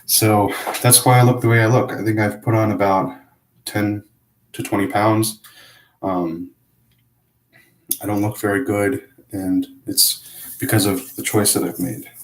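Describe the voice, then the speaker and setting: A man with a notably deep voice talks through a confessional monologue, hesitant and self-critical. He stops and restarts often. The sound carries a roomy echo. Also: level tone, measured pace, long pauses. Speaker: vlogger.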